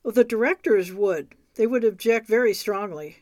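A woman's voice: medium pitch, normal speed, darkish tone, dry recording, studio quality, lightly acted. A woman reading aloud as a flustered, stiffly formal middle-aged man who runs a school.

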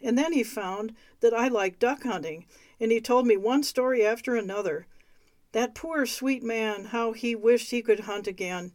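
A woman reading a memoir aloud, unhurried and clear. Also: on the high side, darkish tone, dry recording. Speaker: reader of memoirs.

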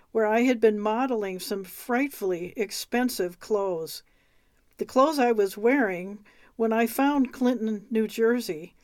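Woman reading a memoir, fairly high voice. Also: a little mellow, no echo, studio quality. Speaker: reader.

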